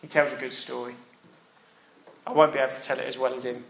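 A man's voice: mid-range voice, little pitch movement, fast, gravelly, fairly bright tone. Emphatic man preaching, echoey. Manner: conversational, emphatic preaching with repetition. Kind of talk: sermon. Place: church.

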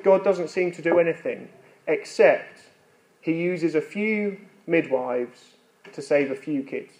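A man's voice: fairly high pitch, darkish tone, low-quality recording. A man preaching a sermon in an earnest, conversational way, with light self-deprecating humor.

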